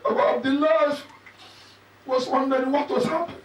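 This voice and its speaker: A man's voice: very high voice, moderate pace. A man, a sheikh giving a mournful Muharram sermon, reciting with emotion and sometimes crying out. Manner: emotional recital, breaking into raised cries. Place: mosque hall. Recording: echoey hall from far off, faint noise.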